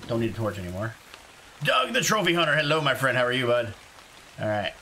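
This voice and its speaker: A man from South Carolina streaming a survival game live, chatting excitedly and greeting viewers by name. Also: mid-range voice, a little fast, creaky, slight background noise. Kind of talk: casual live game commentary.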